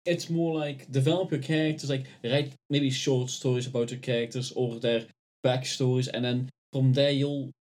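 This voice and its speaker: A man's voice: medium pitch, steady tone, moderate pace, a little mellow. A man co-hosting a casual podcast, earnest and explaining his own habits. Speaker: podcast co-host. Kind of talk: casual group chat.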